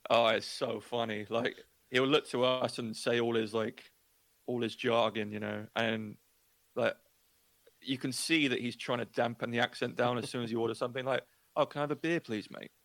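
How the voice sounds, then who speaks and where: A man's voice: medium pitch, normal speed, creaky, dry recording. A man from Luton in England with an English accent, telling stories in casual chat and acting out the voices of the people in them. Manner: chatty, animated storytelling with quoted voices.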